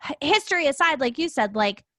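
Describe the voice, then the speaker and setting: Woman cohost, high bright voice, dry sound, calm and easygoing. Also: brisk, no room sound. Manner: calm, supportive, steering the talk. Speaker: podcast co-host. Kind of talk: casual chat.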